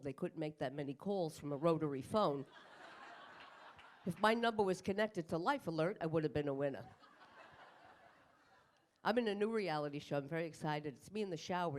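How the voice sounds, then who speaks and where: A woman's voice: fairly low pitch, slight background noise. Older woman stand-up, brash and foul-mouthed, self-deprecating jokes, live club set. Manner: brash, profane, self-mocking punchlines. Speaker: stand-up comedian. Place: comedy club stage in front of a live audience.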